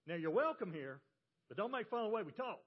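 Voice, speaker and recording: A man's voice: high voice, very animated, quick pace, husky. A man from the American South with a Southern accent, preaching a sermon as pastor and telling folksy stories with emphasis. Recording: dull lo-fi church audio.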